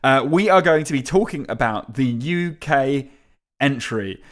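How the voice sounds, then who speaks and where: A man's voice: medium pitch, expressive, unhurried. Hesitant male podcast host. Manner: hesitant, many fillers, laughs along. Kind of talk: casual podcast chat.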